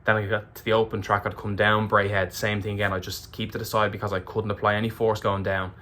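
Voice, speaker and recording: Candid Irish man with a bright voice. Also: fairly low pitch, little pitch movement, fast talker. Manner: candid and emotional, swears freely. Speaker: ultramarathon runner vlogger. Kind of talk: casual race recap to camera.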